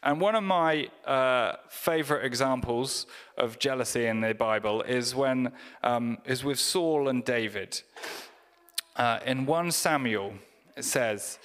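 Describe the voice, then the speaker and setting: A man's voice: mid-range voice, slow, fairly bright tone. A man preaching a sermon, in a conversational, humorous storytelling manner. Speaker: pastor. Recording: echoey church hall reverb.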